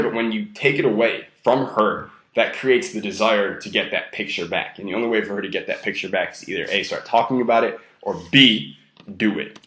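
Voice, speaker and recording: A man giving a casual coaching talk, talking loosely and rapidly with many fillers. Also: on the low side, pushed and bright. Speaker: dating coach. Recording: echoey room.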